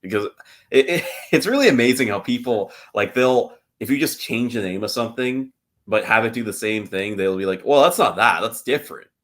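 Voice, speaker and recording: A man's voice: lowish voice, fairly quick. A man co-hosting a podcast, talking casually and rambling with many fillers and restarts. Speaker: podcast co-host.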